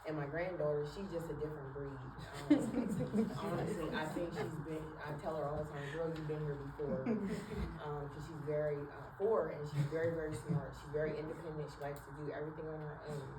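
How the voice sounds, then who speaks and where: A woman's voice: deep voice, steady tone, a little fast, few pauses. An older woman, a grandmother, speaking candidly from the audience at a panel discussion. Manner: candid, laughs while talking. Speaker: audience member. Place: large room at a summit. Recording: echoey room, far from the mic, noisy.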